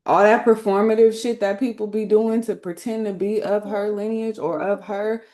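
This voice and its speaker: A woman's voice: mid-range voice, steady tone, normal speed, dark tone. A woman teaching spiritual lore through tarot cards in a casual, emphatic way, speaking colloquially and often checking in with her listeners. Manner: colloquial, slangy phrasing.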